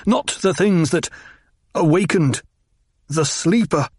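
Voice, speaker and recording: A man's voice: on the high side, lively intonation, slow pace, darkish tone, husky, no echo, clean studio sound, voice pushed up, heavily acted. A man reading the part of a gifted young nobleman, bitter and intense, his voice rising as he grows frantic.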